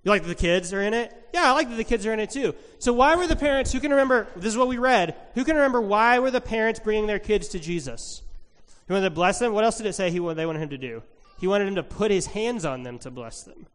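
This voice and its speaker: A man, a pastor, giving a children's sermon and asking the kids questions in a lively, encouraging way. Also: high-pitched, fast talker, in a large hall. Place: church sanctuary.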